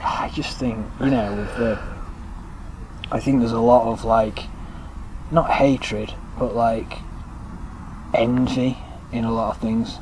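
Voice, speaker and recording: A man's voice: mid-range voice, fairly even intonation, takes it slowly, pauses often, background noise. A young man co-hosting a podcast, rambling and laughing through crude casual chat. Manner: rambling, giggly, jokey. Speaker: podcast co-host.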